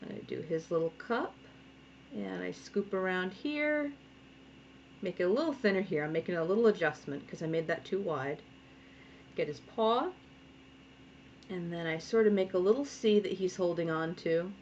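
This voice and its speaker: Woman, 30s, Rhode Island accent, fairly low voice; chatty, encouraging art teacher at home, dull lo-fi recording. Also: animated, normal speed, pauses often, darkish tone. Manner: chatty, encouraging, thinking aloud while drawing. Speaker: comic artist. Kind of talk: live draw-along tutorial. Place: home studio. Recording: dull lo-fi sound with faint noise.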